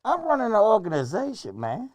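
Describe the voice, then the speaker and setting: A man's voice: sits high, huge pitch swings, a little fast, dry recording, highs cut off. Guy doing a cocky old masked hustler, trash talking, voice jumping all over. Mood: brash. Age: older. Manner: boastful, combative trash talk. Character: self-styled older masked male hustler, brash. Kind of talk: comedic improvised sketch.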